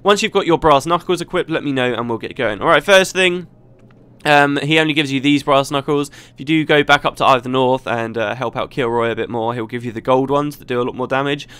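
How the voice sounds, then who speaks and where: Playing through a video game, a man gives casual, chatty commentary that rambles and often restarts. He has a mid-range, fairly bright, clean voice and talks fairly quickly.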